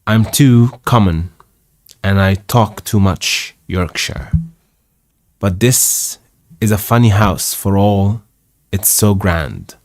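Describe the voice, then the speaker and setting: A man's voice: on the low side, takes it slowly, long pauses, no room sound. A man voicing a blunt, talkative young Yorkshire housemaid girl in a read-aloud storybook, plainspoken and a little cheeky. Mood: chatty.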